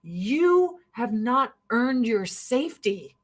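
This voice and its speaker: A woman's voice: a little high, big pitch swings, slow pace. A woman host delivering a heated, sarcastic, profanity-laced rant. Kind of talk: ranting commentary.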